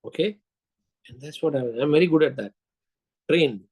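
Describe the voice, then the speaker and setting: A man's voice: on the high side, normal speed, darkish tone, husky, low-quality recording. An older man giving a sales lecture, telling anecdotes, acting out dialogue and quizzing his audience.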